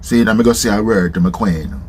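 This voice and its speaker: A man from Jamaica with a Jamaican accent, telling a travel story in a casual, animated way, dropping rhetorical tags in patois. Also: lowish voice, a little fast, a little hiss or hum.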